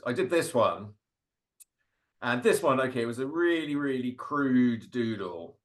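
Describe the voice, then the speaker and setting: Speaking at normal speed in an animated, mid-range voice, a guest cartoonist walks through slides of his work in a loose, rambling way. Fillers and small laughs crop up constantly as he talks about his drawings.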